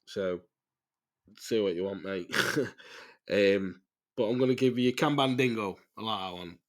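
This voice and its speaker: A man talks loosely through a casual voice-note podcast, his voice sitting a little low. He rambles, stalls and swears freely, and he laughs at his own tangents. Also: unhurried. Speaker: podcast host.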